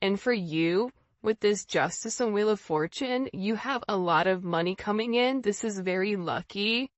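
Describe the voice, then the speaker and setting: A woman's voice: medium pitch, normal speed, dry recording, lo-fi sound. A woman giving a casual, intuitive tarot reading, repeating words for emphasis. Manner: intuitive, repetitive, casual phrasing. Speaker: tarot reader.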